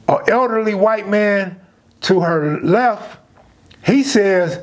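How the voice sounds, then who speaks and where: A man's voice: high voice, lively intonation, measured pace. A man telling a true street story in a casual, slang-filled conversational way.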